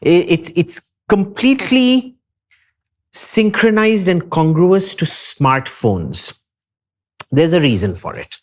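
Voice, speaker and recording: Lively Indian man holding forth. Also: high voice, takes it slowly. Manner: emphatic, opinionated lecturing. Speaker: podcast guest. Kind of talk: casual podcast discussion.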